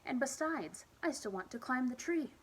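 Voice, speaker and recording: A woman's voice: high voice, lively intonation, normal speed, a little hiss or hum, voice pushed up. A woman voicing an upset young child who names their feelings, with slightly raised, childlike emphasis.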